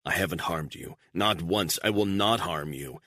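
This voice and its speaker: A man's voice: low-pitched, normal speed, sharp tone, dry recording. A man voicing a cold, controlled male covert operative who speaks in curt, firm commands. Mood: stern.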